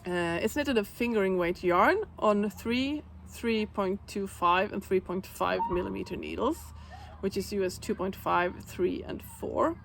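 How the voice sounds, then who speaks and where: A woman hosting a knitting podcast, chatting casually on her own in a relaxed way with plenty of fillers. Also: mid-range voice, a little slow, gravelly, slight background noise. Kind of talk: casual solo chat.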